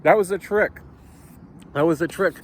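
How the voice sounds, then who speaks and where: A man's voice: sits high, normal speed. A man vlogging a casual, rambling story, swearing often and getting heated as he talks.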